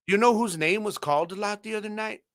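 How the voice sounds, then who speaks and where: A man's voice: high voice, fast, a bit bright, no echo, studio quality. A man co-hosting a casual sports podcast, teasing rival fans and laughing often. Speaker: podcast co-host.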